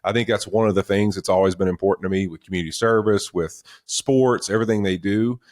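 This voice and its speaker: A man's voice: on the low side, fast. A man in his forties co-hosting a casual sports chat, telling stories and acting out quotes. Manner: animated storytelling, acts out quotes. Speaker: podcast co-host.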